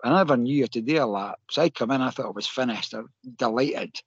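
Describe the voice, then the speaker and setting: A Scottish man, a podcast guest, telling a story in an animated, emotional way and laughing often. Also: mid-range voice, fast, breathy edge, no room sound, dull audio. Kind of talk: casual storytelling.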